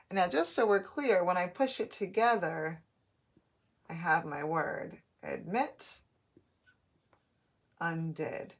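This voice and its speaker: Slow-speaking woman teaching phonics. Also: on the low side. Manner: slow, clear, syllable-by-syllable teaching. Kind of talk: phonics lesson.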